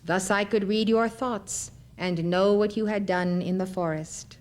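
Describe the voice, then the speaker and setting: A woman voicing a simple, dutiful housewife who speaks gently and plainly. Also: medium pitch, steady tone, unhurried, natural voice. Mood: calm, gentle.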